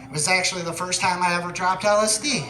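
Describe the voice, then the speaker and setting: A man performing a stand-up comedy set, telling deadpan stories that build to shouted punchlines. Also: high voice, quick pace, reverberant, faint music behind. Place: comedy venue stage.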